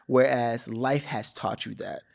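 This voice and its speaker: A man who acts and produces, a guest in a casual conversation, speaking in a relaxed, thoughtful, affirming way. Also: medium pitch, unhurried, vocal fry. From United States.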